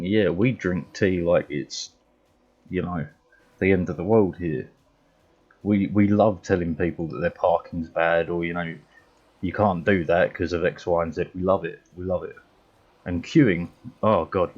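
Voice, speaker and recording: A man's voice: low voice, a little slow, darkish tone, slightly rough, highs cut off. An English man streaming a video game, chatting casually with viewers in a rambling way with mild swearing. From England. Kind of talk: casual chat while gaming.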